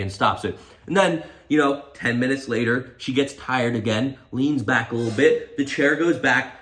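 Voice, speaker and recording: A young man telling a comedic storytime rant in an animated, exaggerated, mocking way. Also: mid-range voice, moderate pace. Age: young adult. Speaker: comedy YouTuber.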